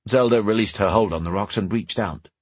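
Low husky male narrator. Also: dry recording. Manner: measured storytelling, slowing for dramatic beats. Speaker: audiobook narrator. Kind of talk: scripted fantasy narration.

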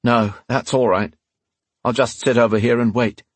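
A man's voice: medium pitch, steady tone, moderate pace, husky, no echo, natural voice. A man voicing a young man in an audiobook who speaks with a falsely polite, controlled tone that hides menace. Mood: coldly polite.

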